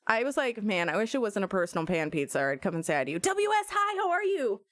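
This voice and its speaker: A woman streamer in casual live-stream chat, animated and joking, often breaking into laughter. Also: mid-range voice, fast talker, no room sound, clean studio sound.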